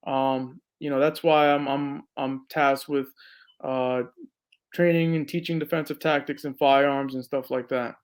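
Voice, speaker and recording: A man's voice: mid-range voice, fairly even intonation, a little slow, smooth. A man, a veteran and police officer, talking earnestly as a podcast guest with lots of fillers. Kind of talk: casual interview talk.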